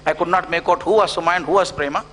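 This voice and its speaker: A man's voice: a little high, fairly even intonation, racing, a bit bright, a little hiss or hum. A middle-aged man with an Indian English accent giving a motivational storytelling lecture, acting out the dialogue in his stories. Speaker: educator giving a guest lecture. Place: auditorium.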